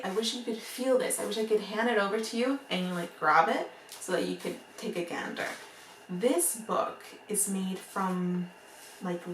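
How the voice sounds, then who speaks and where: Woman with an accent, book vlogger, gushing, rambling, gravelly fry, echoey room, mic set far off. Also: mid-range voice, a little hiss or hum. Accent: noticeable accent. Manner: gushing and excitable, laughs often; rambling, full of "like" and restarts. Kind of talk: casual chat to camera. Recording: roomy echo, mic at a distance.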